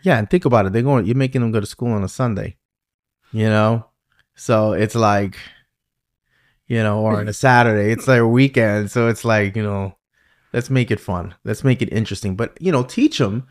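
A middle-aged man with a New York accent hosting a casual podcast interview, telling stories in a lively way and often asking "you know what I mean". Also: fairly low pitch, normal speed. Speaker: podcast host.

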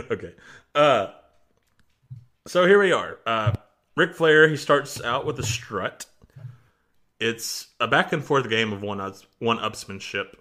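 A man's voice: medium pitch, measured pace. A man co-hosting a wrestling podcast, chatting casually and laughing often. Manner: animated, laughs often, puts on shouting voices for quotes. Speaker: podcast co-host. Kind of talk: casual wrestling review chat.

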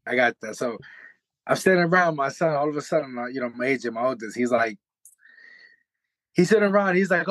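A man co-hosting a podcast, telling an animated story and calling the others "bro". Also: fairly high pitch, brisk, dry recording, poor audio. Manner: animated, says "bro" a lot, laughs. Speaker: podcast co-host. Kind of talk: casual storytelling.

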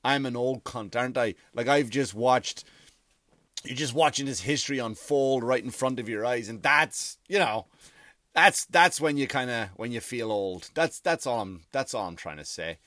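A man in his forties rambles through a comic monologue, swearing freely in a conversational, unpolished way. His voice sits at an ordinary middle pitch for a man. The recording is dry and close, with no room sound. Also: moderate pace, a bit bright, no echo.

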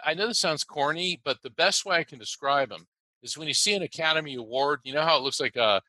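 A man from the United States, an interview guest telling a personal story, animated and halting with many restarts. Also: a little high, no echo, rough recording.

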